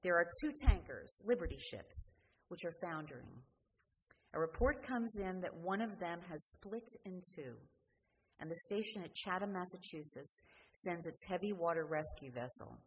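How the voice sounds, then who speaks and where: Woman preacher, sermon, earnest, slightly low voice, long church reverb, faint hiss. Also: lively intonation, normal speed. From New Jersey. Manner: earnest, questioning, dropping to quiet endings.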